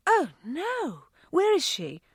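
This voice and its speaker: A woman voicing a warm, caring mother who speaks earnestly. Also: extremely high pitch, huge pitch swings, takes it slowly, no room sound, studio quality, pitched above the performer's own voice, full character voice.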